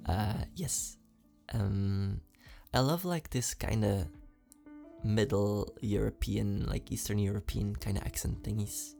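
A man's voice: on the low side, slow pace, gravelly, warm tone, faint music behind. A man with a slight foreign accent, an ASMR creator answering fan questions in casual, chatty talk with lots of fillers and giggles.

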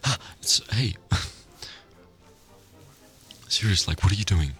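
A man in a whispered role-play, talking in a hushed, flustered, pleading way. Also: low voice, animated, takes it slowly, faint music behind.

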